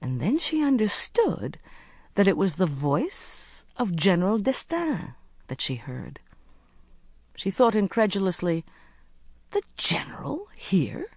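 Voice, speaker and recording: An audiobook narrator reading a mystery novel in a measured, expressive storytelling manner, close to the microphone. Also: mid-range voice, dry recording.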